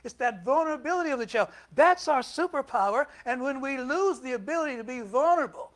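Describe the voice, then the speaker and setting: An older man preaching a sermon in a conversational way, putting questions to the congregation and moving between loud and soft. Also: very high voice, expressive, quick pace. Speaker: minister.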